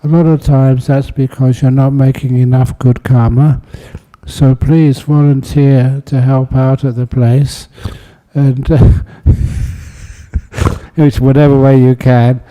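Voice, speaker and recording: A man, a Buddhist monk, speaking calmly and gently to a meditation group, then guiding a meditation. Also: mid-range voice. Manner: calm, unhurried, gently spoken. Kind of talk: talk and guided meditation. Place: meditation hall with an audience.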